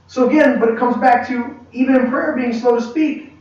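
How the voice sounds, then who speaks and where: A man teaching a church leadership class, an animated storyteller who acts out quoted dialogue and restarts his sentences often. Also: very high-pitched, fast talker. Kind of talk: conversational sermon-style teaching. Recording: echoey hall, distant mic, dull lo-fi.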